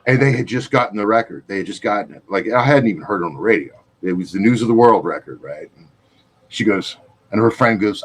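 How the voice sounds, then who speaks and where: A man's voice: lowish voice, expressive, fast, slight background noise. A man in his fifties, a guitarist co-hosting a podcast, telling loose, profane, rambling stories in casual chat. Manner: loose, profane, rambling anecdotes with acted-out quotes.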